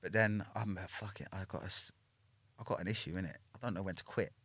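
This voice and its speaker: A man's voice: low-pitched, steady tone, quick pace, a bit bright, dry recording. A man with a London accent, telling a story as a podcast guest in casual, profane chat, checking in with "yeah?" after each point. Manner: swears freely, ends lines with a questioning "yeah?".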